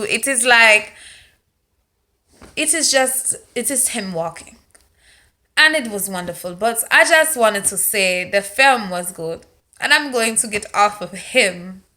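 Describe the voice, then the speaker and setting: A woman's voice: medium pitch, pushed and bright, roomy sound. A woman from Alabama reviewing a film in a casual vlog, playfully talking in a strong put-on accent and stretching her phrases for emphasis. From Montgomery, Alabama, United States. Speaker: movie reviewer.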